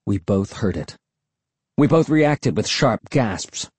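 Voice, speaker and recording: A man reading a first-person story aloud in a steady, suspenseful way. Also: on the low side, slow, slightly rough, dry recording. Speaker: audiobook narrator.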